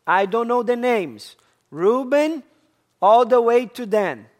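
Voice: mid-range voice, expressive, slow pace, darkish tone. A preacher delivering a sermon, stressing and repeating key words and asking the congregation questions. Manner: emphatic, repeats key words, addresses listeners as church.

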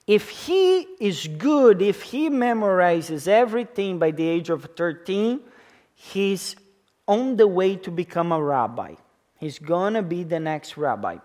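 A pastor in his thirties preaches a sermon slowly and deliberately, speaking English as a second language with a foreign accent. His voice sits high and a little mellow, and he leans on key words, repeats them, and checks in with the congregation as he goes.

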